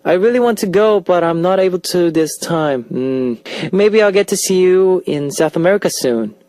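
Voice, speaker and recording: A man's voice: sits high, lively intonation, normal speed, a little mellow, no room sound. A young man from Australia hosting a radio show and reading out listener messages in an upbeat, chatty way, speaking into a studio microphone. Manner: upbeat, chatty, with playful outbursts.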